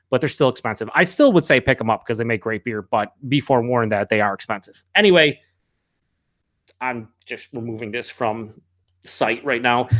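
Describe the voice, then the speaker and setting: A man hosts a live beer review, talking casually and candidly, rambling with fillers, swearing now and then, and reading viewers' chat comments aloud. His voice is mid-range, and the recording is dry with clean studio sound.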